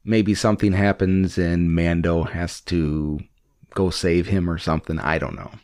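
A podcast host in casual chat on a call, animated and playful, laughing often. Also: low voice, a little slow, dry recording, clean studio sound. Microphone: call audio.

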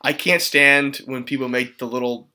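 A man co-hosting a casual chat podcast, giving wry, deadpan commentary. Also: medium pitch, moderate pace. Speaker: podcast co-host.

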